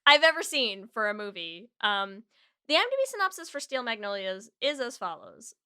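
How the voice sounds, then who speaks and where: A woman's voice: on the high side, very animated, moderate pace, bright, forceful tone, smooth. A woman co-hosting a podcast in playful, chatty talk, also reading a synopsis aloud. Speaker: podcast co-host. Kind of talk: casual podcast chat.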